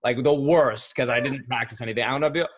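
Man in his thirties, casual interview chat, rambling, self-correcting, lively storyteller. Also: mid-range voice, fast talker. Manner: rambling, self-correcting, animated when telling stories. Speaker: voice actor guest. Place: home recording setup, remote interview.

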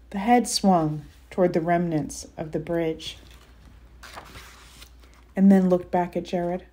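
A woman author reading her children's novel aloud in an expressive, measured storytelling manner. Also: fairly low pitch.

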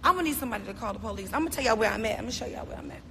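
A woman's voice: on the high side, animated, racing, vocal fry, music in the background. A woman from Baltimore ranting indignantly and emotionally into her phone in a hotel on a livestream. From Baltimore, USA. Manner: indignant, emotional, repeats herself. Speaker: celebrity livestreaming. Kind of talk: angry live-stream rant. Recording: echoey room with faint noise.

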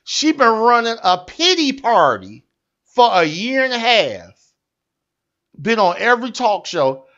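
A man's voice: extremely high pitch, very animated, measured pace, sharp tone, muffled recording. A man hosting a satirical news show, delivering a blunt, profane, repetitive comic rant.

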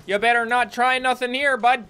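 A loud, blustery Canadian tough guy with a thick put-on accent, as a gamer hams him up. The tone is bright and crisp, and the bluster comes out in hearty, chest-out warnings. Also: very high-pitched, steady tone, normal speed. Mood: mock threatening. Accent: put-on stereotyped Canadian. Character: mock-Canadian tough guy, gruff and folksy.

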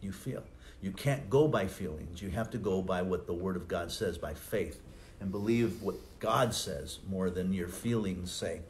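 A man's voice: low voice, measured pace, darkish tone, slight background noise. A middle-aged male pastor preaching a sermon in a conversational, anecdotal way, chuckling often.

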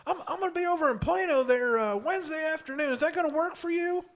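A man putting on a loud, obnoxious, overly chummy phone voice as a caller. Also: fast. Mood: brash cheer. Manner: brash, booming, overfriendly.

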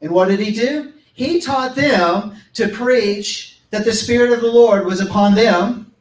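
A man's voice: high voice, measured pace. A man preaching a sermon at a church service, reading scripture aloud and breaking in with emphatic asides. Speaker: pastor. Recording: echoey room, voice from a distance.

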